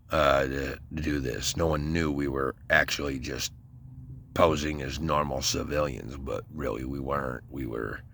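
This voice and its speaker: A man's voice: very deep voice, sharp tone. A man from Michigan telling a long, rambling, profane story about his military service, full of fillers and restarts. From Westland, Michigan, US. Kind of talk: casual rambling monologue.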